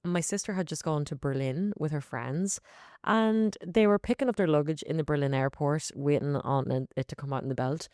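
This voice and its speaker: An Irish woman in her thirties co-hosting a podcast, telling stories in a lively casual way. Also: low voice, normal speed, smooth, no room sound, clean studio sound. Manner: animated storyteller, acts out voices. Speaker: podcast co-host. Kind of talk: casual chat.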